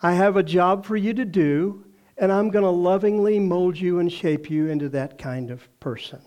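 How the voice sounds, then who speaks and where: An older man with a Texan drawl delivers a folksy sermon. His voice sits high for a man, and he breaks into playful acted voices and chuckles as he tells the story. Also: moderate pace, a little mellow. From Texas. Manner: folksy storytelling, acts out quoted voices, laughs often. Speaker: pastor.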